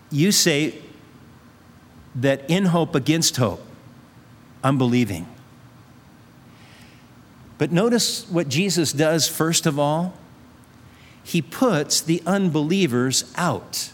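This pastor's sermon unfolds slowly, with long pauses between his earnest, repetitive appeals and rhetorical questions. His voice is a little high and animated, and the recording carries a large hall's long reverb.

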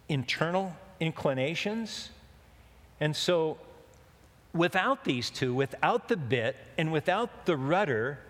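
A man preaching a sermon, telling a rambling, joking story in a folksy way. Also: on the high side. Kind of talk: sermon with a told anecdote. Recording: long hall reverb.

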